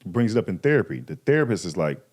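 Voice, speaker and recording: With a fairly low pitch and a quick pace, this man in his thirties tells a podcast audience a personal story. He keeps it casual and slangy, animatedly acting out quoted dialogue.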